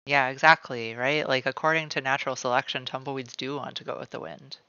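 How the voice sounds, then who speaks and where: Gravelly, bright-voiced man chatting on stream. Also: medium pitch, fairly even intonation, a little fast, no echo, dull audio. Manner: calls himself by name in the third person; rambling, many "like" fillers. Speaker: streamer drawing live. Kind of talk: casual chat while drawing. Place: at home, cat nearby.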